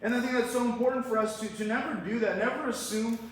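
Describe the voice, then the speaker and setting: A man preaching a verse-by-verse sermon, his voice sitting high for a man. He keeps it conversational and tosses rhetorical questions at the congregation. The sound is distant and bathed in heavy hall echo, with faint room noise underneath. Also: fast talker. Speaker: pastor. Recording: echoey hall, mic far off.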